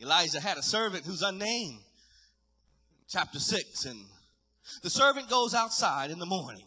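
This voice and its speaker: A man preaching a sermon, retelling a story dramatically and building to shouted climaxes. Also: sits high, very animated, normal speed, slightly rough.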